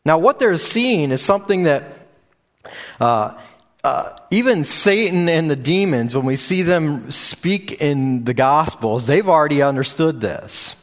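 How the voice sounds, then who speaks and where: A man's voice: fairly high pitch, animated, unhurried. A man preaching a sermon in a loose, unscripted way, with frequent fillers and restarts. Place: church or meeting room with a screen behind him.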